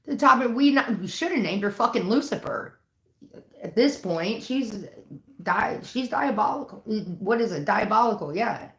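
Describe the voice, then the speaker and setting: A woman's voice: on the high side, expressive, normal speed, gravelly. A woman on a livestream telling a long, exasperated, profanity-laced story in casual chat. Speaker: livestream host. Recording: roomy echo.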